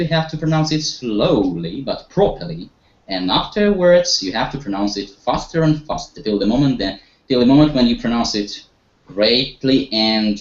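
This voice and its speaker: A man teaching an online group English lesson, encouraging his students and leading them with questions, with some hesitations. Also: medium pitch. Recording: echoey, dull online-call audio.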